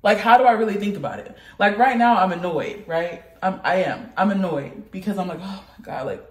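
A woman vlogger with the flu chatting in a rambling way, with sudden animated outbursts. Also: mid-range voice, fairly quick. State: sick with the flu. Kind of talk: casual chat. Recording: roomy echo.

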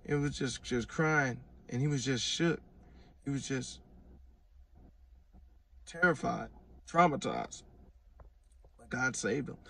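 A man's voice: mid-range voice, fairly bright tone, far from the mic. Earnest man rambling through a testimony. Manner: earnest, rambling, with repeated restarts. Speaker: vlogger giving religious testimony. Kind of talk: casual personal testimony.

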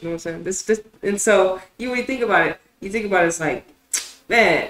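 A young adult woman hosts a casual streamed football show. She rants with heavy swearing at a mid pitch. Her voice moves from a low, musing tone to loud, fed-up bursts, and the room around her is echoey. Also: fairly quick. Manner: profane, ranting, swings from low musing to loud outbursts.

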